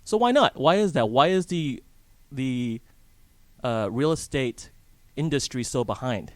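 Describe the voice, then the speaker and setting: A man's voice: medium pitch, expressive, measured pace, no room sound. A man guesting on a radio show, chatty and conversational, tossing questions back at the hosts. His voice sits in the middle range and the mic sound is dry and close. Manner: chatty, asks the hosts questions, restarts often. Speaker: real estate guest. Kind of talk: casual radio interview. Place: radio studio in a hotel.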